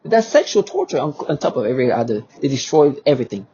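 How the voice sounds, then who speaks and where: A man's voice: mid-range voice, very animated, fast, mellow, slightly rough, muffled recording. A man speaking in an agitated monologue to camera. He talks emphatically and repeats himself, with many restarts and rhetorical questions. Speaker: vlogger.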